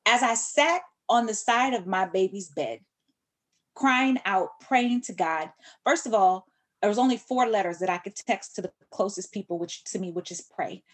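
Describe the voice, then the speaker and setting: A middle-aged woman, a podcast guest, telling a personal story in an animated way and acting out the voices she quotes. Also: moderate pace. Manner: animated, acts out quoted voices with big pitch jumps.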